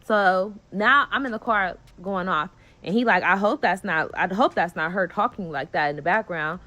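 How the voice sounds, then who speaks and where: A woman's voice: mid-range voice, moderate pace. A woman with a Bay Area accent telling a story in a casual vlog, swearing freely and acting out what people said. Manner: animated, swearing, slangy, acts out quotes.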